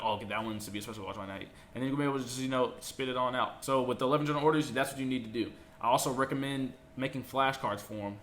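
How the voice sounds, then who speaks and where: A young man speaks quickly to camera in a bright, energetic voice, handing out casual advice. He keeps it loose and animated, now and then breaking into shrill acted outbursts. A faint hum of room sound sits behind him. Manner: fast, animated, acts out drill instructors with shrill outbursts. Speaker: vlogger giving boot camp advice.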